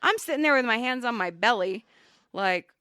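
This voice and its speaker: Animated, profane woman telling a story. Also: fairly high pitch, moderate pace, clear, resonant tone, no room sound, studio quality. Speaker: podcast co-host. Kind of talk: casual storytelling chat.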